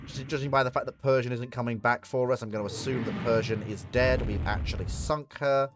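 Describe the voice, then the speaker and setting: A man's voice: medium pitch, a little fast, noisy background. Swearing man playing a strategy game. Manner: swearing, excitable, talks to the game. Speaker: streamer. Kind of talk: live strategy gameplay commentary.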